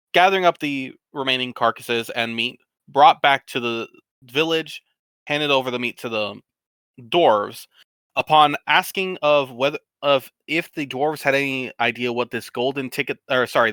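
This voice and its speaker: Bright-voiced man as game master. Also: mid-range voice, no echo. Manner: rambling recap with fillers and restarts. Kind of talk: narrating a tabletop game.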